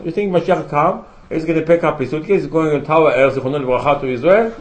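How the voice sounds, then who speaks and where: A man's voice: fairly high pitch, quick pace, rough recording. A man teaching a religious class, asking rhetorical questions and quoting Hebrew sources with emphasis. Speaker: rabbi teaching a Torah class. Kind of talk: religious lecture.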